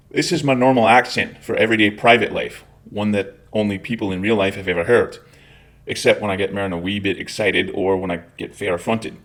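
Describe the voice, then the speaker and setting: A low-voiced man from Scotland, a military veteran, hosts a scripted commentary rant. He lectures his audience bluntly and swears freely as he drives his points home.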